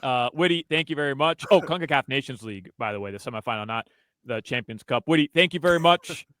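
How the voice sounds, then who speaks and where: A man's voice: mid-range voice, animated, quick pace, fairly bright tone, clear, resonant tone, no room sound, studio quality. Easygoing male sports radio host. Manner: conversational, filler-heavy. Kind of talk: casual sports radio chat.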